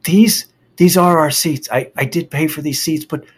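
A man's voice: on the high side, normal speed, breathy edge, pitched above the performer's own voice. A man mimicking a panicky, stammering young college student pleading apologetically.

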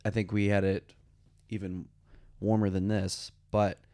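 A man's voice: fairly low pitch, level tone, a little slow, mellow. A man hosting a casual podcast, easygoing as he tastes beer with friends and talks to the listeners. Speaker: podcast host. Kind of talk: casual beer-tasting chat.

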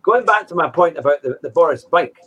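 A man's voice: a little high, lively intonation, brisk, fairly bright tone, slightly rough, muffled recording. A man co-hosting a casual livestream, talking in a chatty, rambling way with many restarts. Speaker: co-host. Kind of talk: casual banter on a livestream show. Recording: faint background noise.

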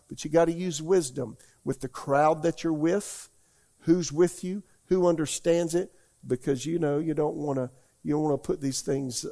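An older male pastor preaches in a loose, conversational way, with a gravelly edge and a dark, mellow tone. He rambles a little and keeps asking his congregation questions. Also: fairly high pitch. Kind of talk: conversational sermon. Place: church.

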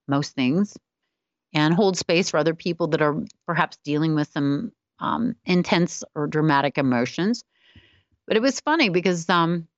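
A woman's voice: deep voice, dry recording, muffled recording. A middle-aged woman, a spiritual wellness teacher, telling a personal story candidly and often laughing at herself.

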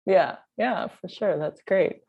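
Woman host with a gravelly edge. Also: lowish voice, slow pace, mellow, highs cut off. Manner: encouraging, frequent backchannel. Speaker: podcast host. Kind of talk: casual interview chat.

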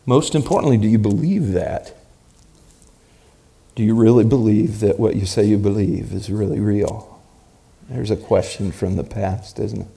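A male preacher telling a story in a sermon, dramatic and at times building to loud emphasis. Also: lowish voice, moderate pace, creaky, long pauses.

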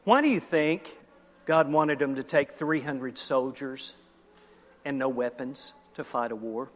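With a medium-pitched, unhurried voice, a man preaches a children's sermon, animatedly telling a story, performing the characters and asking his audience questions. The recording carries a long hall reverb.

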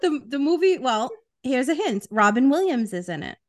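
A woman's voice: sits high, big pitch swings, normal speed. A woman co-hosting a podcast, quizzing a guest in casual, teasing chat and laughing often. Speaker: podcast co-host.

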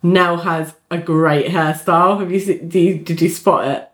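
A woman's voice: on the low side, fairly even intonation, normal speed. A woman co-hosting a casual podcast, talking through a TV show in a thoughtful, agreeable way. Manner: thoughtful, agreeable, many "like" fillers. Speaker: podcast co-host. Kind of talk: casual chat discussing a TV episode.

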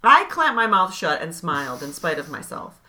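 A woman co-hosting a comedy podcast, giggly and animated as she reads fan fiction in a mock-dramatic voice. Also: low voice, normal speed. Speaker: co-host reading fan fiction.

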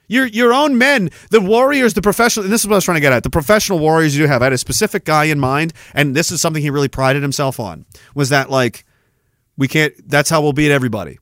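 A man's voice: fairly high pitch, fairly bright tone, no echo, clean studio sound. A man, hosting a podcast in a profane, sarcastic ranting monologue. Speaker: podcast host.

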